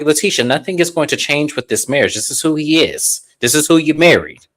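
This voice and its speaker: A man hosting a casual reality TV recap, talking in an animated, sassy way with drawn-out emphasis. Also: on the high side. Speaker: podcast host.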